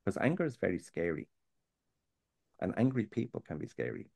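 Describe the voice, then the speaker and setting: A man's voice: deep voice, huge pitch swings, moderate pace, gravelly, a little mellow, slightly rough, dry recording, studio quality. A man, talking earnestly and plainly as a guest on a faith topic, sometimes digressing. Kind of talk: candid conversational chat.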